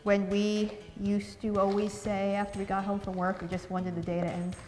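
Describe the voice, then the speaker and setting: A woman's voice: mid-range voice, completely flat delivery, moderate pace, darkish tone, in a large hall, faint music behind. A woman from New Jersey, chatty and upbeat, talking through a recipe in a casual cooking vlog. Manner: chatty and upbeat, laughs easily.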